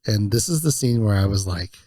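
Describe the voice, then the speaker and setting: A man's voice: on the low side, lively intonation, a little fast, warm tone, dry recording, studio quality. A man hosting a podcast in casual chat, talking loosely and laughing often as he recaps scenes. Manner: chatty, laughing often, fond of swearing and quoting scenes. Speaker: podcast host.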